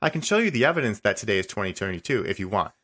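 A man reading the lines of a stubborn, passive-aggressive male AI chatbot in a comedy podcast, insisting he is right and tacking on a deadpan "smiley face". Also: lowish voice, very fast, exaggerated voice. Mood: defensive. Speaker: podcast host. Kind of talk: comedic dramatic reading of a chat log.

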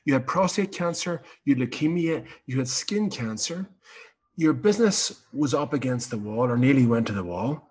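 A man's voice: mid-range voice, animated, moderate pace, darkish tone, slightly rough. A man interviewing a guest, putting his questions in a direct, summarizing way.

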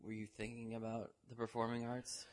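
A man's voice: medium pitch, monotone, fairly quick. A middle-aged man hosting a podcast interview, asking friendly, teasing questions. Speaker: podcast host.

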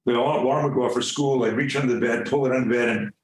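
A man guest on a podcast, telling a story in a lively, animated way, swearing casually and acting out the scenes. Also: medium pitch, very fast, roomy sound, slight background noise, low-quality recording.

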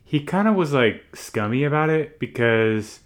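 A man's voice: mid-range voice, lively intonation, normal speed. A man co-hosting a podcast in casual chat, recapping loosely with many fillers. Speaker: podcast co-host.

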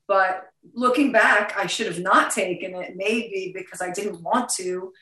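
A woman in her fifties with a New York accent, a guest talking in a casual interview, blunt, profane and quick to laugh. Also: medium pitch, pushed and bright. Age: 50s. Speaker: actress guest. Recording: roomy sound, distant from the mic.

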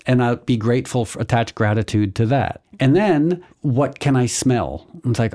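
A man hosting a podcast, calmly explaining things step by step in casual chat. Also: medium pitch. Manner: calm, explanatory, walks through steps slowly. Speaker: podcast host.

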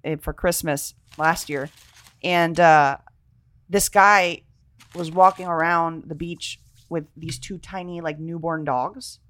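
An animated woman chatting on a podcast, swinging her voice way up whenever she quotes someone. She swears freely and talks in a loose, casual way. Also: deep voice, slow pace, dry recording. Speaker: podcast co-host. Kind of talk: casual chat.

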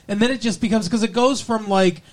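A podcast co-host picks apart a TV episode in casual, rambling chat, opinionated and swearing freely. The voice sits at a middling pitch, with plain everyday delivery. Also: a little fast. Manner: opinionated, profane, loose rambling.

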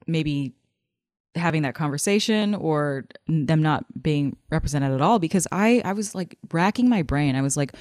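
A woman in a casual discussion, chatty and relaxed, with lots of fillers. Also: sits low, normal speed, dry recording.

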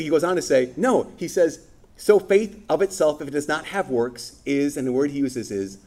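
Animated man preaching a playful sermon. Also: medium pitch, fairly quick. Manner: animated, playful, acts out biblical voices.

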